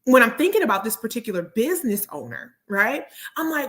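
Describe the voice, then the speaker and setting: A woman's voice: a little high, big pitch swings, a little fast, few pauses, fairly bright tone. A woman hosting a motivational talk show, speaking earnestly and repeating key phrases for emphasis. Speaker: host; therapist and speaker.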